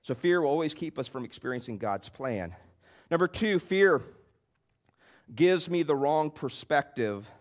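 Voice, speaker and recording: A man's voice: a little high, animated, measured pace. A man preaching a sermon as pastor, emphatic and repetitive, with bursts that rise in force.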